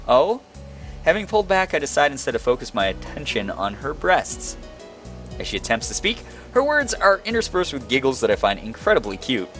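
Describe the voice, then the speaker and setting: A young man reading a visual novel aloud as its narrator, breaking off into animated, self-mocking commentary. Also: medium pitch, a little fast, soft background music. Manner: animated, laughing asides between read lines. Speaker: game streamer.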